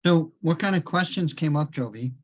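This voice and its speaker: A man, a physician, giving relaxed health advice on a casual call and often repeating short approvals. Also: a little high, normal speed, dull audio, slight background noise.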